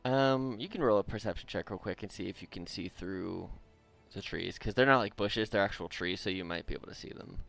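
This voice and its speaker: A man runs a tabletop game online in a very deep voice with plenty of gravel in it. He narrates the action and rules on rolls easily, with frequent laughs. The tone stays relaxed throughout. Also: fairly quick, faint music behind. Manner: easygoing, laughs often while narrating. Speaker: dungeon master.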